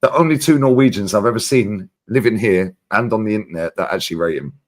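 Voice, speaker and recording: Low-voiced London man telling a joke story. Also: fast. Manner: jokey anecdote, laughing. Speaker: panelist. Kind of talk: casual storytelling.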